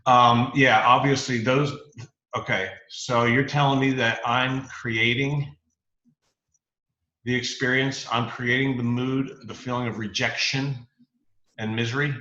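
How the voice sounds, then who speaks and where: A man hosting a podcast interview, asking probing questions in an animated way and playing devil's advocate. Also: mid-range voice, measured pace, reverberant, highs cut off. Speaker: podcast host.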